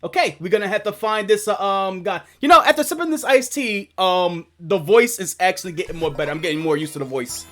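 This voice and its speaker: A man's voice: high voice, animated, a little fast, few pauses, a bit bright, soft background music. A man streaming a video game, chatting casually with rambling, profane jokes. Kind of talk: casual let's-play chat.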